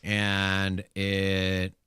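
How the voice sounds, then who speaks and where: A man co-hosting a casual crypto talk show, animated and rambling with restarts and fillers. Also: low-pitched, drawn-out words, clean tone, dry recording, clean studio sound. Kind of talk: casual chat.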